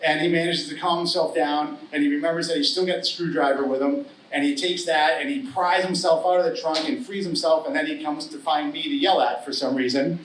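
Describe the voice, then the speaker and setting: A man's voice: a little high, fairly even intonation, fairly quick, hardly any pauses, a little hiss or hum. A middle-aged man telling a true story at a live story slam, wry, earnest and humorous. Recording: roomy live hall, distant mic.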